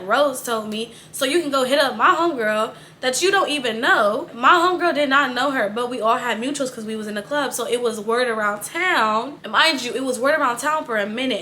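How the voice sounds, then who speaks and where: A woman's voice: sits high, pushed and bright, slight background noise. A young woman telling a storytime to her viewers in a chatty, blunt way, swearing freely. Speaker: storytime vlogger. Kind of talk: casual storytelling to camera.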